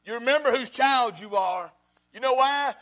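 Pastor, man, high voice; sermon delivery that repeats lines and swings from loud to hushed. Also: moderate pace.

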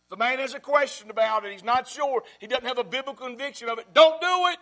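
High-voiced preacher man. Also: fast. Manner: repeats phrases, swings from loud to hushed. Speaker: pastor. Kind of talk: sermon.

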